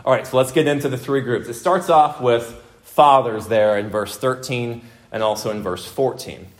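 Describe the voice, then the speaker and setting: A man's voice: medium pitch, moderate pace. A man preaching an expository sermon, stressing his points by repeating them and putting questions to the congregation. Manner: emphatic, repeats points for emphasis, asks the room questions. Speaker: pastor.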